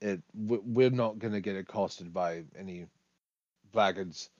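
A man's voice: deep voice, a little slow, darkish tone, no room sound. A smug, sauntering rogue who drawls with little hesitations, as a man voices him in a tabletop game. The voice comes through a dry, dull recording. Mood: reassuring.

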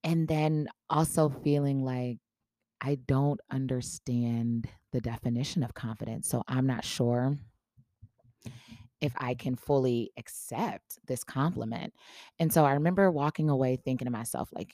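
Woman, podcast host, very deep voice, warm tone, animated storytelling. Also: a little slow, no room sound, clean studio sound. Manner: animated storyteller, acts out quoted dialogue. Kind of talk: casual storytelling.

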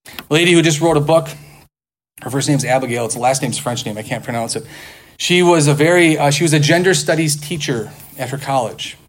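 Man lecturing a class with rhetorical questions. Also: on the high side. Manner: conversational, full of rhetorical questions and mock back-and-forth. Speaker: teacher. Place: classroom with a board.

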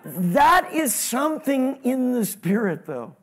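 A man with a high, light voice delivers a sermon. He preaches in an animated way, his voice jumping up and getting louder, and he keeps putting questions to the congregation. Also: takes it slowly. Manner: animated preaching, sudden rises in pitch and volume, asks the congregation questions. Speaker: pastor.

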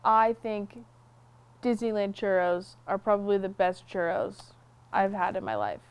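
A woman's voice: mid-range voice, animated, unhurried, clean tone, muffled recording. Playful young woman podcast co-host. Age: young adult. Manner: teasing, playful banter. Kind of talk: casual chat.

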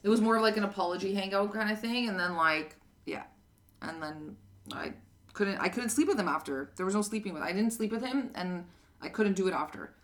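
A woman's voice: mid-range voice, brisk. A woman, probably in her thirties, co-hosting a podcast and telling a dating story with many fillers and acted quotes. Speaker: podcast co-host. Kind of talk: casual chat.

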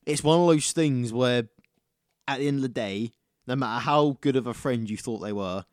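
A man's voice: medium pitch, moderate pace, no echo, studio quality. A young man co-hosting a casual podcast chat, talking bluntly and swearing freely, with emphatic repetition. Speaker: podcast co-host.

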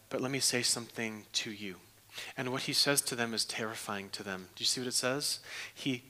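A man preaching a sermon as pastor, animated, swinging from loud emphatic questions down to a hushed near-whisper and repeating phrases for emphasis. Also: medium pitch.

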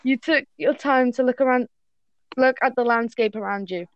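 A woman's voice: a little high, normal speed, dull audio, crowd noise. A woman reading fan fiction aloud to friends in a casual call, often stumbling and correcting herself.

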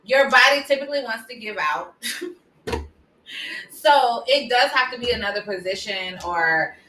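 A woman guest chats frankly and laughs easily, with a high, bright voice that swings widely. She is recorded in an echoey room with a faint hiss behind her. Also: animated, moderate pace, distant mic. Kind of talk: casual chat. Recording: roomy echo, faint noise.

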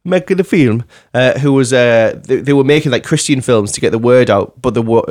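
A man's voice: mid-range voice, brisk, darkish tone. A man hosting a casual podcast, jokingly running a film trivia quiz and laughing often. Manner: jokey, laughs often, quizzes the others. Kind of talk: casual chat.

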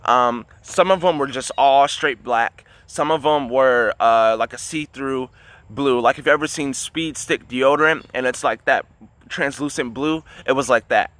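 A man's voice: mid-range voice, unhurried, fairly bright tone, no echo. A man telling a long story in a casual, rambling way, with many fillers and restarts. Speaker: dream teller.

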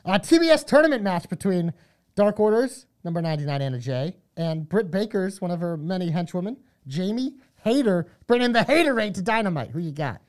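A man with a high, very animated voice co-hosts a casual wrestling podcast. Upbeat and energetic, he quickly reads out plugs and shares his takes.

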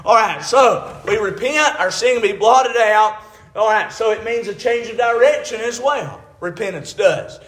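A man's voice: high-pitched, unhurried, fairly bright tone. A man preaching a folksy, emphatic sermon, often saying "amen" and "all right.". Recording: echoey room.

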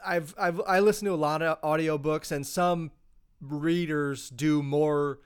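A man with a slightly high, fairly even voice and a clean tone co-hosts a podcast. At a measured pace, he chats casually about movies and books, rambling and using fillers.

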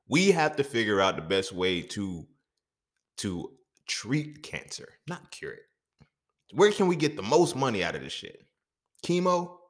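A man's voice: medium pitch, fairly bright tone. A man hosting a podcast, talking in a casual, profane monologue full of rhetorical questions. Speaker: podcast host.

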